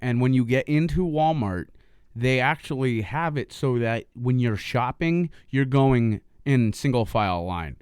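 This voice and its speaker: A man's voice: medium pitch, a little slow, darkish tone, smooth, no echo, clean studio sound. A man co-hosting a casual podcast, joking, laughing often and swearing freely. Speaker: podcast co-host.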